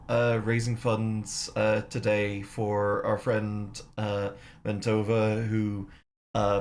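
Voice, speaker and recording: A man's voice: medium pitch, a little hiss or hum. A man co-hosting a casual live stream, rambling with many fillers and frequent laughs. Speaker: streamer co-host. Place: home room.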